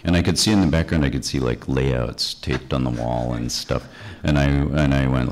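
A man's voice: very deep voice, normal speed, hardly any pauses. A man in his fifties from Chicago, a comics artist on a convention panel, telling a rambling anecdote full of "like.". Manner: animated, rambling, lots of "like". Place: convention stage before an audience.

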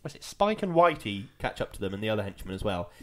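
A man's voice: lowish voice, very animated, quick pace, fairly bright tone. A man co-hosting a podcast in casual chat, laughing often and acting out scenes he retells. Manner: laughs often, acts out scenes in silly voices. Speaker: podcast co-host.

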